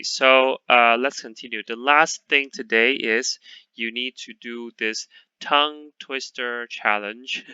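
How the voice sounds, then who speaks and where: A man teaching a lesson to a class in English, patient and repeating words slowly, checking in with "okay?" often. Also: mid-range voice, sharp tone, clear, resonant tone, no room sound, lo-fi sound. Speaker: Chinese teacher.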